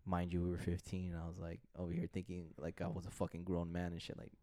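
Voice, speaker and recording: Male podcast co-host, low and smooth, dry close sound, casual animated storyteller. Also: fast, no echo. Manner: animated storytelling, acts out quoted voices; swears casually. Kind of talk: casual chat.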